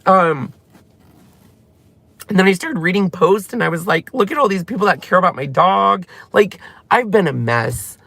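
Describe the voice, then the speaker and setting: Heartfelt male vlogger near tears, rambling and gravelly, close dry mic. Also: high-pitched, expressive, normal speed, sharp tone, no room sound. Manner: tearful, heartfelt, rambling retelling. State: emotional, close to crying. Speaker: channel host. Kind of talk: emotional personal vlog talk.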